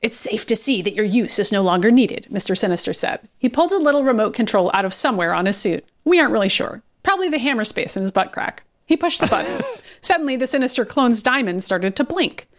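A woman's voice: fairly high pitch, animated, fast. A woman co-hosting a podcast, reading fan fiction aloud in a casual, amused way. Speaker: podcast co-host.

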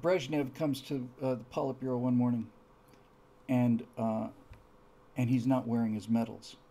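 Gravelly, husky man telling stories. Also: mid-range voice, moderate pace. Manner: animated storyteller, acts out punchlines. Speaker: podcast host telling historical jokes. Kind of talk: storytelling lecture.

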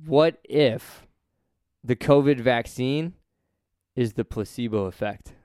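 A man's voice: medium pitch, takes it slowly, darkish tone, clear, resonant tone, no room sound, clean studio sound. A man co-hosting a podcast in casual profane chat, laughing often and riffing on numbers and jokes. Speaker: podcast co-host.

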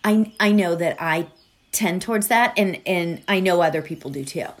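A woman's voice: fairly low pitch, normal speed. A middle-aged woman hosting a podcast, talking casually with lots of fillers and asides before leading a meditation. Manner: chatty, warm-hearted, many fillers and asides. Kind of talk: casual spoken podcast talk.

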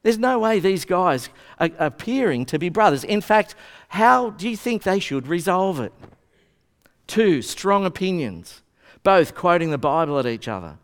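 A man preaches a sermon with a lively, swooping delivery, acting out both sides of an argument as he tells the story. His voice sits a little high. It rings out with the long reverb of a large church hall. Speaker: pastor.

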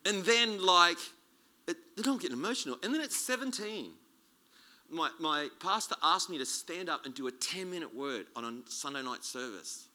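A man preaching a sermon as a guest speaker, chatty and animated, joking and restarting his sentences. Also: fairly high pitch, moderate pace. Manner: animated, conversational, jokey preaching with many restarts.

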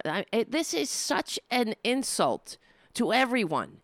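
A woman's voice: fairly high pitch, big pitch swings, dry recording. A woman giving an indignant opinion monologue, often stumbling and restarting as she builds her point. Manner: impassioned, indignant, with halting restarts.

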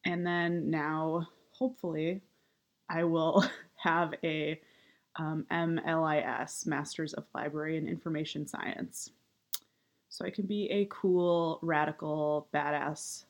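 Low, slow woman with vocal fry. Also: little pitch movement. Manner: upward inflection, many fillers. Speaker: writer and activist. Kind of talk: casual monologue.

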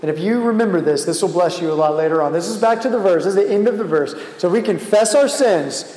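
A young man giving a casual youth sermon and leading prayer, telling stories with sudden animated jumps in his voice. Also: high-pitched, rapid-fire. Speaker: youth pastor. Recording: echoey hall with long reverb.

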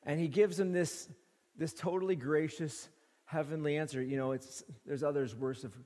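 A man's voice: fairly high pitch, steady tone, normal speed, warm tone, big-room sound. A man preaching an expository sermon, emphatic and repeating phrases for stress.

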